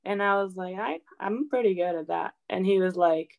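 A woman's voice: on the low side, normal speed, low-quality recording. Chatty young woman telling stories. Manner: chatty, animated, acts out quotes, says "like" often. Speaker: interview guest. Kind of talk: casual storytelling.

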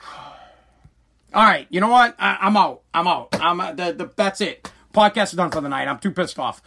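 A man's voice: high voice, expressive, normal speed, creaky, bright, forceful tone. A man hosting a solo podcast, ranting in a profane, agitated way and stammering often. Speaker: podcast host.

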